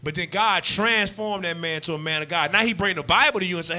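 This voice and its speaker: A man preaching a street-style sermon, animated and slangy, acting out what husbands and wives say. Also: high voice, fairly quick.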